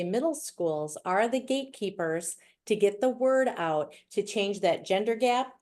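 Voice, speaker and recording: A woman's voice: medium pitch, a little mellow. Middle-aged wisconsin lady presenting on a video call, chatty and playful, throws in asides. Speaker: guest speaker. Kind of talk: virtual presentation.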